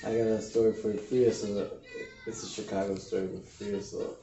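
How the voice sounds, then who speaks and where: A man's voice: lowish voice, little pitch movement, quick pace, muffled recording, music in the background. A man chatting casually in a group and starting a story, tagging his lines with "right?". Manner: laid-back, tags lines with "right?". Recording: roomy distant mic with noise.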